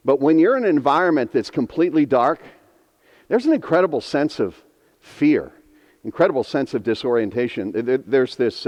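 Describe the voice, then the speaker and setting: A man's voice: mid-range voice, darkish tone, big-room sound. A man in his fifties preaching a sermon, earnest and emphatic, repeating key phrases for weight. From northeastern Pennsylvania. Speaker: pastor.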